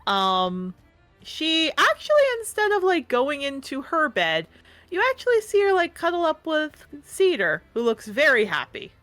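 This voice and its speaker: A woman's voice: high-pitched, sing-song, measured pace, fairly bright tone, soft background music. A woman narrating as game master of a tabletop game, chatty and often laughing. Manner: laughing, chatty, addresses the audience.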